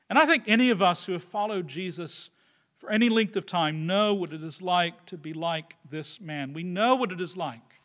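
High, bright-voiced male preacher. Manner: earnest, swinging between loud emphasis and quiet asides; addresses the listeners directly with tag questions. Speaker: pastor. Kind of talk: sermon.

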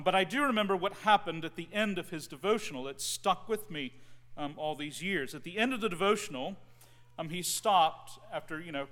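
Pastor, man, 40s: bright, fairly high voice, conversational sermon with ums and phrase ends that trail off quietly. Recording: long hall reverb.

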